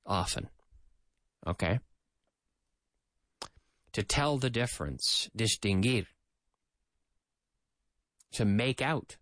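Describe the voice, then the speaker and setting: A man's voice: lowish voice, lively intonation, very slow, long pauses, a bit bright, no echo. A man hosting a chatty radio English lesson, explaining phrases and bantering with a co-host. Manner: chatty, mixes in translated explanations, talks to co-host. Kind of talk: lively radio language lesson.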